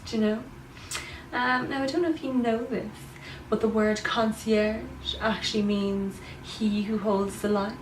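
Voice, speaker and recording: This is a comedic to-camera piece where an actress portrays a smug, self-absorbed young woman who rambles about her life as a vlogger and keeps saying "do you know." She speaks at medium pitch, close to an everyday voice, and the audio is roomy, with a distant mic and faint hum.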